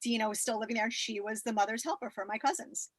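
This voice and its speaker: A woman guest from Florida telling wry, animated stories while recording from a closet at home. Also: fairly high pitch, quick pace. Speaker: podcast guest. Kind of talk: casual chat.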